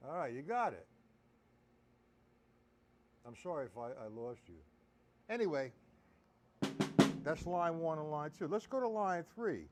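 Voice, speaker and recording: A drum teacher with a fairly high, sing-song voice gives a live-streamed lesson at a measured pace with long pauses. He explains accents and counts the beats loudly over drumming, with loud drum music underneath his voice.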